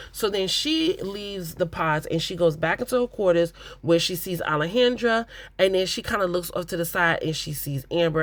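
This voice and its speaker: Blunt recap host ranting about a reality show, mid pitch, dry close sound. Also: no room sound. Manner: blunt, opinionated, exasperated. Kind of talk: casual recap commentary.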